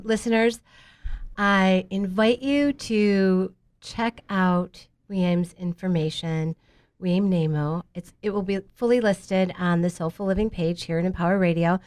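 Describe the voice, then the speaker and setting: A woman's voice: lowish voice, steady tone, normal speed, darkish tone. A woman hosting a radio interview, speaking in an affirming, enthusiastic way to her guest and listeners. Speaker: radio show host.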